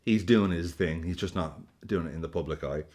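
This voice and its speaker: A man hosting a football reaction video, talking in an animated, jokey way and swearing freely. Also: low-pitched, brisk. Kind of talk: casual reaction commentary.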